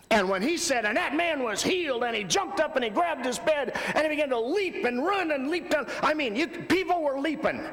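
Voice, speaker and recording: A man giving a conversational talk at a youth ministry convention, telling stories with loud bursts and quiet lows. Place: large hall before an audience. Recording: long hall reverb.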